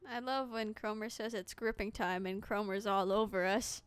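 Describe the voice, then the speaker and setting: A woman's voice: mid-range voice, steady tone, moderate pace, clean tone, no echo. A woman streamer giving casual, playful commentary while she plays a game, joking and laughing often.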